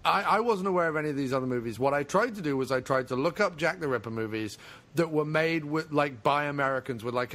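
A man hosting a casual podcast chat, excitable and quick to mock. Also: mid-range voice. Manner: excitable, breaks into mocking put-on voices. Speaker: podcast host.

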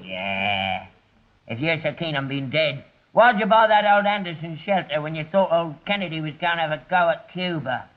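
An actor playing a grumpy old rag-and-bone dad. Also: male voice, on the high side, lively intonation, normal speed, a little hiss or hum, close to an everyday voice. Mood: scolding. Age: older. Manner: scrappy, defensive and nagging. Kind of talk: 1960s television sitcom acting. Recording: dull lo-fi 1960s TV sound.

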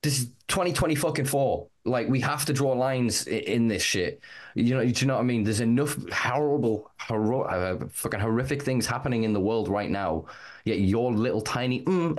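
A man's voice: mid-range voice, animated, brisk. A man, a podcast guest, speaking fervently and rallying listeners, swearing freely. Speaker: guest, cannabis rights campaigner. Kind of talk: passionate podcast talk.

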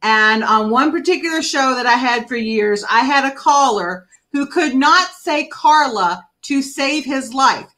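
A woman hosting a live-stream chat over a video call, chatty and animated as she tells stories. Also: high-pitched, measured pace, few pauses, rough recording. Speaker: talk show host.

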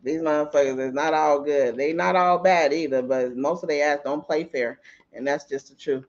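A man's voice: a little high, fairly even intonation, normal speed, slight background noise. A man giving a casual tarot reading, chatty and profane, laughing often and breaking into anecdotes. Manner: tells anecdotes mid-reading. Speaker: tarot reader. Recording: dull lo-fi audio.

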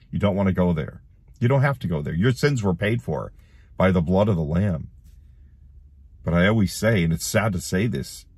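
A deep-voiced man with a husky edge pleads urgently with the camera, circling back on his words. His voice sounds close and dry, with no room around it. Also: a little mellow, no echo. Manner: urgent, pleading, repeats himself. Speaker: online preacher. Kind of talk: gospel appeal to camera.

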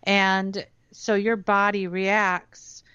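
A woman guest on a talk radio show explaining hypnosis in a lively way, acting out the voices she quotes. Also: mid-range voice, very slow, clean tone, no room sound. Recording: dull lo-fi radio audio.

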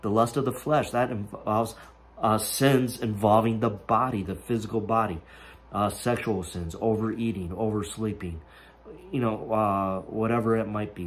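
Low-voiced preaching pastor. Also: male voice. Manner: conversational storytelling preaching with frequent asides and restarts. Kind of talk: sermon.

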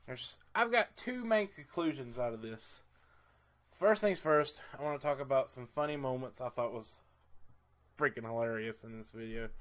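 Excitable rambling man reviewing a movie. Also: medium pitch. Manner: enthusiastic, rambling with many "uh"s and "I mean"s; excitable and laughs easily. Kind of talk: casual movie review vlog.

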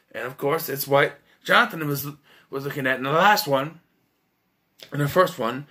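A man's voice: mid-range voice, normal speed, pushed and bright. A man giving a casual, blunt and profane spoken film review, with frequent restarts as he talks.

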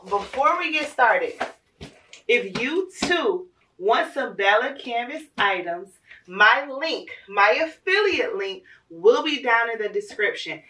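A woman's voice: on the high side, far from the mic. Gushing woman vlogger, slightly off-mic. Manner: gushing and excitable, addresses viewers as "y'all". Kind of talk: casual unboxing vlog.

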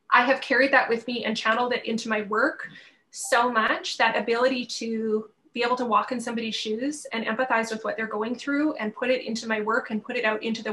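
A woman's voice: a little high, bright, forceful tone, poor audio. A woman giving a live masterclass to an audience, earnest and emotional, near tears at times, repeating phrases for emphasis. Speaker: masterclass speaker. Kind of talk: live inspirational talk. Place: event venue before an audience.

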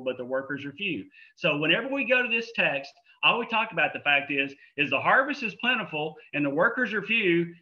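A middle-aged man delivers a sermon with a bright, tense edge to his voice, talking to the congregation in an earnest, conversational way and circling back on phrases for emphasis. His voice sits a little high for a man, and the recording sounds dull and lo-fi. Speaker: preacher. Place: church sanctuary.

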